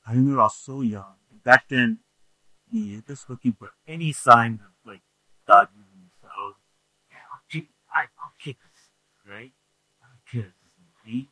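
Slow-talking bright-voiced male preacher. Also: mid-range voice, husky, no echo, poor audio. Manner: animated, acts out scenes with shouts and voices. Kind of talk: storytelling sermon.

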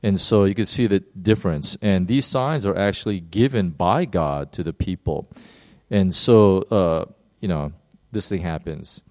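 A man gives a sermon in a fairly low voice, and his pace speeds up and slows down as he goes. He stops and restarts often and acts out quoted lines with sudden jumps in pitch. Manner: animated, uneven pace with many fillers and restarts. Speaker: pastor.

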